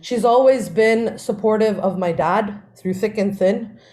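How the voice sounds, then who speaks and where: A woman, co-hosting a podcast and telling family stories in a lively way, often laughing. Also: medium pitch, unhurried. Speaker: podcast co-host. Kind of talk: casual storytelling.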